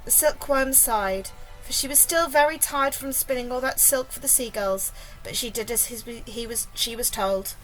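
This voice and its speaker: A woman reading a children's book aloud, lively and expressive, getting louder and higher for the characters' lines. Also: moderate pace, soft background music, rough recording. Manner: lively, raising pitch and volume for dialogue. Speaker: storybook reader.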